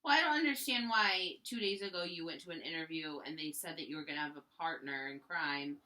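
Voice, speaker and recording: Woman, casual listener, sharp bright tone, asks questions. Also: sits low, a little fast. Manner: supportive listener asking questions. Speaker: friend listening. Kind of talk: casual chat.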